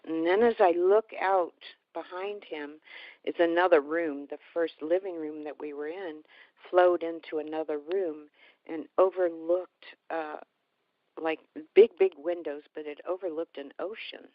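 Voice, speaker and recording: A woman telling a heartfelt personal story in a halting way, often restarting her sentences. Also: deep voice, steady tone, no echo. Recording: dull, slightly lo-fi recording.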